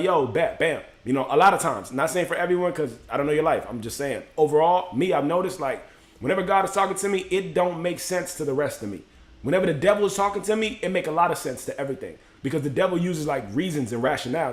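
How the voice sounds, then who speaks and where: Man, livestream host, rapid animated spiritual pep talk, slightly raised voice, echoey room. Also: fairly high pitch. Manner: animated, acts out inner voices with slang. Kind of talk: casual motivational monologue.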